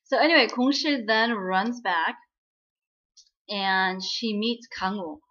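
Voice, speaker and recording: A woman's voice: slow pace, a bit bright, muffled recording. Chatty woman recapping a drama. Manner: chatty, many fillers, acts out quoted lines in a higher voice. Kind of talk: casual spoken recap.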